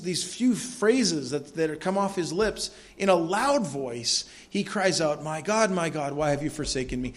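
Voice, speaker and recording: Male pastor, earnest sermon delivery, raised pitch, builds to loud passages. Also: expressive, a little slow, hardly any pauses. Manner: earnest preaching, rising loud on scripture readings. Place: church.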